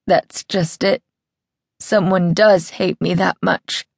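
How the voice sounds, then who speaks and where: A woman's voice: fairly low pitch, fairly even intonation, slow pace, creaky, slightly rough, no echo, studio quality, exaggerated voice. A woman voicing a whimpering melodramatic woman. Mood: tearful. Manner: aggrieved, histrionic, soft distressed tone.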